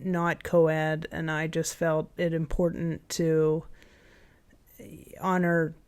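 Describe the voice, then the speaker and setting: A woman in her fifties, a camp owner, is the guest in a casual interview chat, meandering and restarting her sentences. Her voice is deep with a darkish tone.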